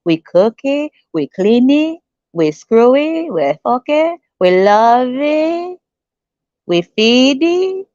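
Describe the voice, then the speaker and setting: Woman doing a high, slow, syrupy women's voice, fawning and sing-song, dry dull recording. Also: big pitch swings, mellow, dry recording, exaggerated voice. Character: sugary, submissive foreign women wooing men.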